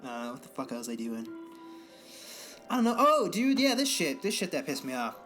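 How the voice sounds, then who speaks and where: A young man chats on a home podcast in a fairly high voice, rambling and swearing freely as he rants. Faint music plays underneath. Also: big pitch swings, moderate pace, fairly bright tone. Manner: rambling, profane, exasperated ranting. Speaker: podcast co-host. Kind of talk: casual podcast chat.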